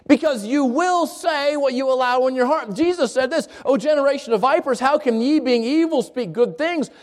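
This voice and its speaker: A high-voiced male preacher gives a relaxed, conversational sermon. He keeps asking the congregation questions and often repeats his words as he goes.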